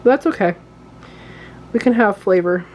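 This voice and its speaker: A woman talks through a recipe in her home kitchen, chatty and easygoing, with the occasional hiccup breaking in. Her voice sits at an everyday middle pitch, and faint noise hums behind her. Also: lively intonation, normal speed, darkish tone. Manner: chatty, talks while working, apologizes for hiccups. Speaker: home cooking channel host. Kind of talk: casual cooking demonstration.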